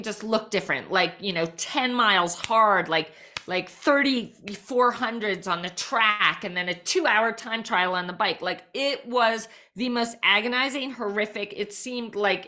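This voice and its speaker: A woman guest on a podcast, telling a personal story with lively energy and lots of "like" fillers. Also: medium pitch, unhurried. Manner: frequent "like" fillers, lively retelling.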